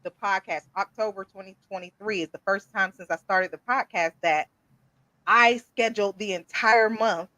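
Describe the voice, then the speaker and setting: A woman's voice: medium pitch, moderate pace, sharp tone, no echo. A woman hosting a live-streamed podcast, playful and hyped, chatting with viewers. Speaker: podcast host. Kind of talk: casual live-stream chat. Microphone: streaming setup.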